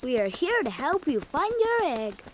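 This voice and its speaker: A woman's voice: high-pitched, sing-song, normal speed, very noisy. A woman voicing a cheerful young male magical truck in a children's cartoon, upbeat and eager, talking to the kids.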